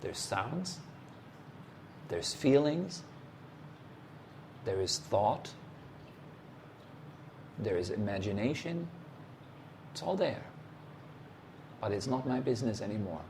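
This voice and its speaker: A man giving a meditation talk as a teacher, speaking in short, unhurried phrases and putting direct, challenging questions to the listener. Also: lowish voice, sing-song, a little mellow, slight background noise.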